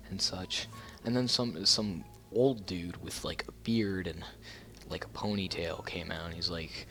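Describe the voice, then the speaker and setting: Low-voiced man rambling through a story. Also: steady tone, measured pace, pushed and bright. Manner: rambling, many fillers and restarts. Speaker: YouTuber. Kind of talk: casual storytime narration.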